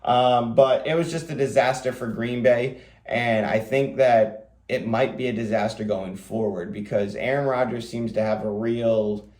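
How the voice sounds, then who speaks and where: A man hosting a fantasy football show, talking quickly in a casual, rambling way with lots of fillers. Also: mid-range voice, fairly even intonation, darkish tone, reverberant. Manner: rapid, rambling delivery with many fillers. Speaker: fantasy football podcast host. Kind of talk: casual solo commentary.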